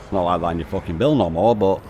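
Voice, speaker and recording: Male streamer, deep, matey and relaxed, swears casually. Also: fast, slight background noise. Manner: laid-back, sweary and matey, saying "mate" often. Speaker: game streamer. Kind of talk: casual live-stream chat.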